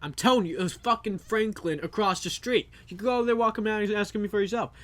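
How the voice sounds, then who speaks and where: A man hosting a reaction video, talking over a story with crude, rambling, loud jokes. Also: high-pitched, quick pace. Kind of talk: profane comic commentary.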